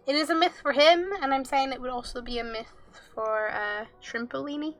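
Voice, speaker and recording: A woman's voice: fairly high pitch, fairly quick, a bit bright, soft background music. A young woman streaming a game, chatting casually with viewers, giggling and reading game text and chat aloud.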